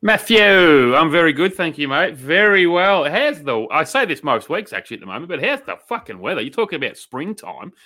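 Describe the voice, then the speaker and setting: A brash Australian man co-hosting a podcast, cracking jokes and boasting in a loose, slangy way. His voice has a bright, forward ring to it. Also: fairly high pitch, big pitch swings, a little fast, few pauses. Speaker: podcast co-host. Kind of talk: casual podcast banter.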